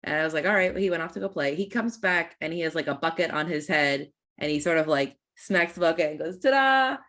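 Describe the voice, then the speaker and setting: Woman host w a lowish voice, chatty and earnest, on a video call. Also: fairly even intonation, quick pace, a bit bright. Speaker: podcast host and parent. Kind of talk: casual interview chat.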